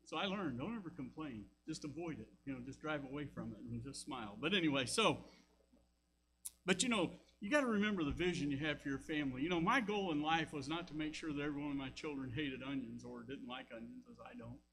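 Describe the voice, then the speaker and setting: A man's voice: a little high, expressive, quick pace, vocal fry, a bit bright, a little hiss or hum, low-quality recording. An older man with a Southern American accent, preaching a sermon as pastor, telling folksy stories with frequent asides. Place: church sanctuary.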